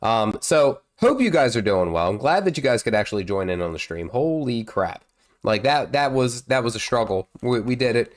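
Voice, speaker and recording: A man's voice: medium pitch, big pitch swings, moderate pace. A man in his thirties, congested with a cold, rambling casually as he streams a game and reacts to it. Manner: rambling, chatty, exclaims at the game. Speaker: gaming streamer. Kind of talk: casual live gameplay commentary.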